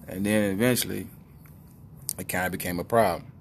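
A middle-aged man tells a funny personal story in a loose, rambling way, full of asides and quick check-ins with his listener. His voice sits fairly low, with a faint rumble underneath. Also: fairly even intonation, vocal fry.

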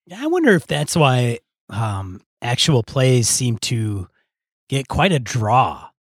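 A man's voice: mid-range voice, sing-song, slow pace, no echo, studio quality. A man co-hosting a podcast, chatting casually and thinking aloud with lots of hesitation. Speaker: podcast co-host. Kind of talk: casual chat.

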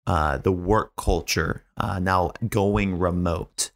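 Guy hosting an interview, real low voice, laid back asking questions. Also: steady tone, takes it slowly. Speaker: host. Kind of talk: casual interview chat.

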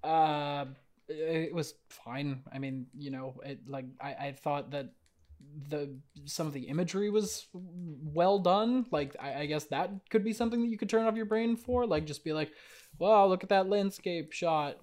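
A man's voice: a little high, normal speed, darkish tone. Rambling man hedging on a podcast. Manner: rambling, hedging, lots of "like" and restarts. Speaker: podcast host. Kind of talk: casual chat.

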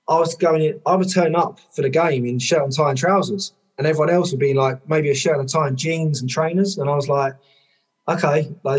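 Lively man telling stories. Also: fairly high pitch. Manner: lively, swears freely, many "like" fillers. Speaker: podcast guest, former rugby player and coach. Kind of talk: conversational storytelling.

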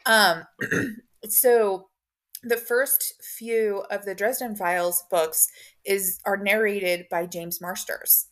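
Slow-talking woman podcast host. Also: medium pitch, fairly bright tone. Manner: rambling, many fillers and restarts. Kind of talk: casual conversation.

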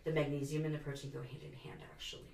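Raspy woman telling her story candidly. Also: low voice, flat delivery, very fast, a little mellow, far from the mic. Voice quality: raspy, sounds like a smoker. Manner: candid, rambling, self-deprecating humor. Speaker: guest. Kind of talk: casual interview conversation. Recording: roomy echo, a bit off mic.

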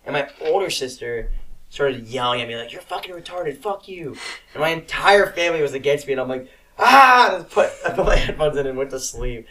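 Speaking fast in a mid-range, slightly bright voice, a young male podcast co-host rambles casually through his stories. He swears without restraint and mimics what others said. The sound is rough and picked up from a distance.

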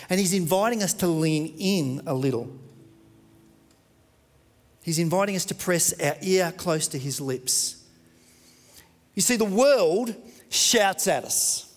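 High-voiced preacher in an echoing hall. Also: male voice. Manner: dramatic, swinging from loud to hushed. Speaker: pastor. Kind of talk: sermon.

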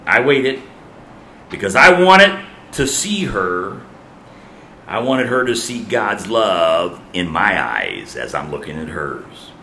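A man pastor preaching a sermon, dramatic, repeating key lines and swinging between soft and loud. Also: low-pitched, big pitch swings, slow, reverberant, slight background noise.

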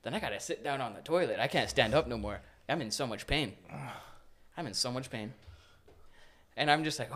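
A young man telling a story casually on a podcast, animated and laughing as he acts out moments. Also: mid-range voice, normal speed, pauses often, slight background noise.

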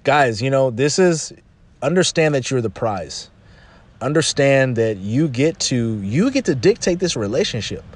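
A man's voice: medium pitch, sing-song, a little slow, no room sound. A man talking through casual advice in a loose, rambling way, often adding "you know" and restarting his sentences.

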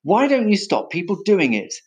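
Guy doing a shouty cross elephant boss, storybook style, lots of ups and downs. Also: high voice, very animated, normal speed, pitched above the performer's own voice. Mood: angry. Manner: roaring, scolding. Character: furious bossy adult male elephant master.

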